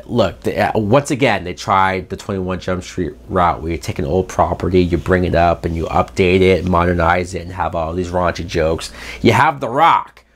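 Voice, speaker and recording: Guy ranting about awful movies, fed up, keeps repeating stuff for emphasis, goes from loud to muttering. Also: deep voice. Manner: exasperated, emphatic, repeats for stress; swings from loud outbursts to muttered asides. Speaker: movie reviewer.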